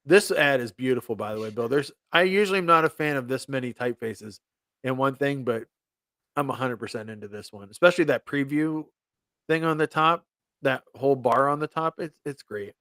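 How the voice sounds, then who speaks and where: A man's voice: medium pitch, fairly quick, fairly bright tone, no echo, studio quality. A man co-hosting a casual chat, talking keenly about an old movie ad. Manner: enthusiastic, reads a movie ad aloud. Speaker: co-host.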